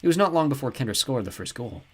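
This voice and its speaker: A man reading a novel aloud as an audiobook narrator, in an even, descriptive storytelling manner. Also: medium pitch, quick pace, slightly rough. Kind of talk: scripted narration.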